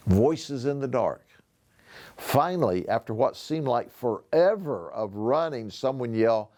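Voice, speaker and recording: A man reading a children's novel aloud, taking his time over each sentence. His delivery is expressive, with a lively, swinging pitch at a mid-range level. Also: measured pace. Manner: expressive storytelling. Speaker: sheriff.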